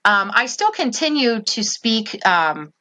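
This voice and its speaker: A woman's voice: on the high side, sing-song, slow pace, pushed and bright. A middle-aged woman telling her story as an interview guest, earnest and heartfelt, with frequent ums. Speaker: guest, parent advocate.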